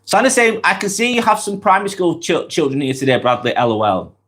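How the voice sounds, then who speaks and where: A man from Lancashire in northwest England, who has a cold, hosts a casual live vlog in a fairly high, fairly bright, sing-song voice at a quick pace. He's chatty, reading out viewers' comments and answering them directly.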